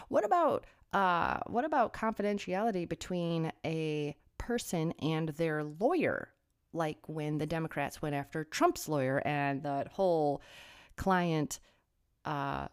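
Sarcastic woman with a lively voice. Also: low-pitched, vocal fry, no echo, studio quality. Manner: sarcastic, rhetorical questions. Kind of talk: political commentary monologue.

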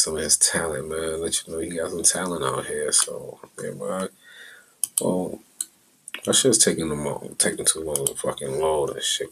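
A man's voice: low-pitched, fairly bright tone, slight background noise, rough recording. A middle-aged man talking in a loose, profane, rambling monologue as a podcast host, drifting from mumbles into heated rants.

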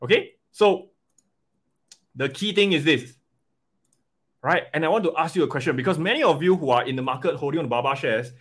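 A man coaching an investing webinar live, animated and often checking in with "right?" and "okay?". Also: fairly high pitch, a little fast, pauses often, husky.

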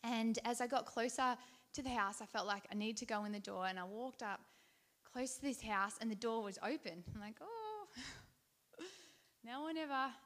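A woman with a voice a little above the usual in pitch, giving a devotional talk as a personal testimony. She tells it conversationally, with fillers and false starts, and keeps it earnest and heartfelt throughout. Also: fairly even intonation, fairly quick, fairly bright tone. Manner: conversational, storytelling with fillers and restarts. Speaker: Christian speaker.

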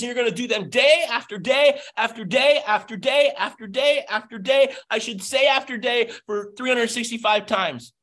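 Nearly yelling on a video call, a business coach with an extremely high-pitched voice fires up his listeners with an impassioned motivational speech.

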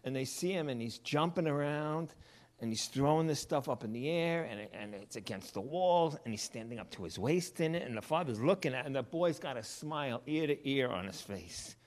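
A man preaching a sermon in a relaxed, conversational manner, his voice at an ordinary mid pitch. He moves from prayer into storytelling the way a pastor talks to his congregation. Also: a little fast.

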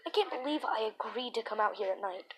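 A nervous, sharp-tongued teenage girl in a spooky storybook, uneasy and quick to snap, as a woman reads her aloud. Her voice sits fairly high. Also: lively intonation, slight background noise, natural voice. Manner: anxious, snappish.

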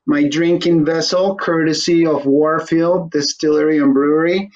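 A host of a laid-back interview show talks in a joking, meandering way and laughs a lot. His voice sits fairly high with a fairly even intonation, moving at a normal speed. The audio sounds slightly dull.

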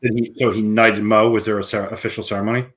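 A man's voice: on the low side, level tone, fast, fairly bright tone. A man co-hosting a casual podcast chat, jokey and giggly, cracking stupid jokes. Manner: jokey, giggly, self-deprecating. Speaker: podcast co-host.

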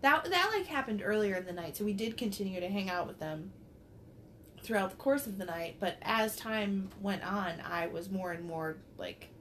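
A woman co-hosting a podcast, telling a story in an animated way, laughing often and swearing casually. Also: mid-range voice, normal speed, a little hiss or hum. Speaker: podcast co-host.

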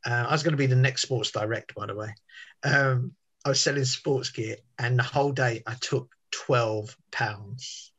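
Husky chatty man telling stories. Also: medium pitch, steady tone, moderate pace, a bit bright. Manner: chatty, rambling with restarts and tangents. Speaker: podcast guest. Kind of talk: casual storytelling chat.

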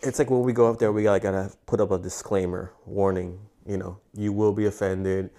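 A man's voice: low voice, fairly even intonation, a little fast, dark tone. A man appearing as a guest comedian on a podcast, chatting in a laid-back way, swearing and leaning on fillers. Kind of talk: casual podcast chat.

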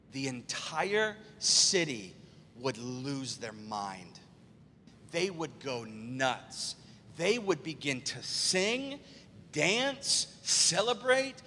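A man preaching a live church sermon, asking the congregation rhetorical questions and swinging from hushed low lines to loud exclaimed peaks. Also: big pitch swings, very slow, a little hiss or hum. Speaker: pastor. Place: large church sanctuary. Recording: church hall reverb.

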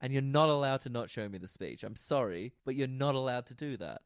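A young man co-hosting a podcast, casually chatting about a TV episode, animated and joking, swearing freely. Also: mid-range voice, brisk, clear, resonant tone, no room sound, clean studio sound. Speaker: podcast co-host. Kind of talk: casual chat recapping a TV episode.

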